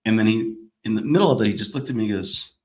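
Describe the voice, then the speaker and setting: A man hosting a podcast, telling stories in an animated way and acting out what people said, with frequent laughs. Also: lowish voice, racing. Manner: animated storyteller, acts out quotes, laughs often. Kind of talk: casual podcast conversation.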